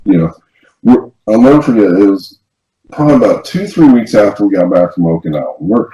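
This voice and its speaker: A man's voice: fairly low pitch, lively intonation, fairly quick, dark tone. A man co-hosting a podcast, telling a personal story in a rambling, casual way with frequent restarts. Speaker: podcast co-host. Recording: roomy, dull lo-fi sound.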